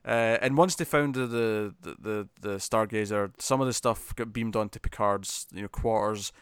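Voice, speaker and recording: A man's voice: on the low side, moderate pace, a bit bright, smooth, no room sound, clean studio sound. A man chatting casually as a podcast co-host, laughing and acting out characters' lines as he recaps an episode.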